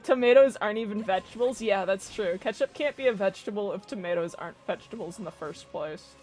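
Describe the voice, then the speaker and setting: A woman's voice: mid-range voice, fast, a little mellow, soft background music. Chatty young woman streaming a game. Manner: chatty, rambling, swearing, laughing often. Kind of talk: casual gameplay commentary.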